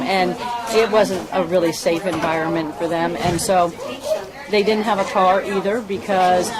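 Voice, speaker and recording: A woman's voice: medium pitch, rough recording. A woman giving a heartfelt, rambling speech at a ceremony as a volunteer fundraiser, often restarting her sentences. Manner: earnest, rambling, with many restarts. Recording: crowd noise behind the speaker.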